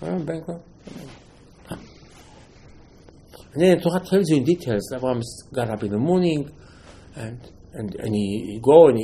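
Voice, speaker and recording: A man's voice: fairly high pitch, slight background noise, rough recording. A man, a rabbi, giving an impassioned Torah lecture in broken English, acting out the dialogue as he goes. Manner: animated, acts out dialogue, broken English grammar.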